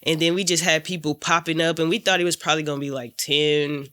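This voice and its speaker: A man's voice: a little high, little pitch movement, quick pace, pushed and bright, clear, resonant tone. A man talking as a guest on a podcast, telling stories in a laid-back, slangy way. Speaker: guest clothing designer. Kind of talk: casual podcast chat.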